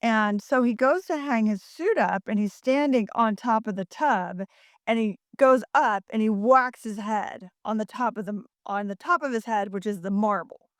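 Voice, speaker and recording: A woman's voice: fairly high pitch, normal speed, no echo, clean studio sound. A middle-aged woman on a podcast, telling a story in a chatty way with many fillers and small laughs. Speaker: podcast co-host. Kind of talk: casual chat.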